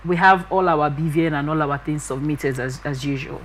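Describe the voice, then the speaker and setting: A woman's voice: low voice, moderate pace, slight background noise, poor audio. A woman hosting a TV interview, asking probing questions and giving short acknowledgements. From Nigeria.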